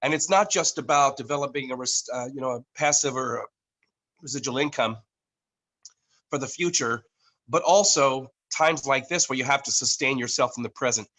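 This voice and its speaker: A man presenting to his team on a video call, halting, with many fillers and restarts, coughing now and then from allergies. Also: medium pitch, sharp tone, rough recording. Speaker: network marketing leader presenting to a team. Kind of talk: online business meeting presentation. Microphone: computer microphone on a video call.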